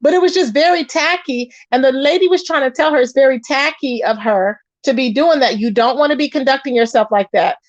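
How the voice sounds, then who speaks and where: A woman hosting a casual gossip commentary show, chatty and animated, answering her live chat. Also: high-pitched, brisk, hardly any pauses, no echo, dull audio. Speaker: commentary channel host.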